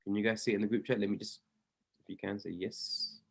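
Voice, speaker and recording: A man's voice: on the low side, level tone, fast, gravelly, husky. A man coaching traders on an online group call, emphatic and preachy, hammering key phrases by repeating them. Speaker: trading mentor.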